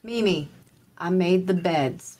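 A woman voicing a patient young granddaughter who calmly reassures her fussy grandmother. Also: fairly low pitch, a little slow, slight background noise, close to an everyday voice. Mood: soothing. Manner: calm, reassuring, soothing.

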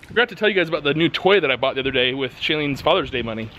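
A man's voice: a little high, expressive, racing, fairly bright tone, slight background noise. A young man and father chatting casually in a family vlog, laid-back and joking, at home and in the backyard. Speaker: vlogger, father.

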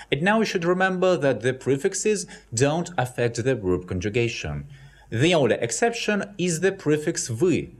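Man, Russian accent, language teacher, scripted lesson, careful delivery, unhurried, animated pitch. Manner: slow, careful, with clearly spoken example words.

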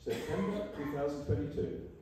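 A man's voice: fairly high pitch, normal speed, warm tone, slight background noise. An older man with an Australian accent, giving a prepared address full of anecdotes and telling it with dry, wry humor. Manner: dry wry storytelling, acts out quoted lines. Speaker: guest speaker at an annual meeting. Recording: echoey hall from a distance.

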